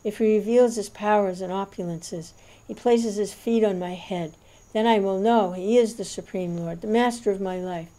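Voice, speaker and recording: A man's voice: high voice, steady tone, normal speed, mellow, close to an everyday voice. A woman reading the lines of an older male sage overwhelmed with devotion, speaking in fervent, tearful exclamations.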